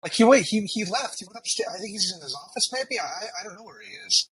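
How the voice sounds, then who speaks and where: A man's voice: sits high, expressive, fast talker, a crowd in the background, pitched above the performer's own voice. A man voicing a frightened young woman on a work crew, stammering and rattled. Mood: alarmed.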